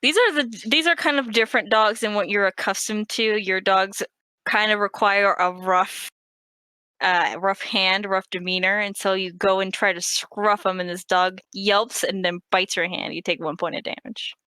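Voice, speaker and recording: A woman's voice: medium pitch, fairly even intonation, normal speed, pushed and bright, smooth, dry recording, rough recording. A woman narrating as game master, casual and laughing, putting on voices for townsfolk.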